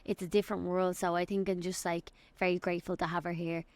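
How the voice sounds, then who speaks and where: A young woman from Dublin with an Irish accent, hosting a solo podcast and giving an excited, rambling life update. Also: lowish voice, quick pace, no echo. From Ireland. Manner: excited, rambling, quotes people in little acted voices. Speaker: podcast host and fitness coach.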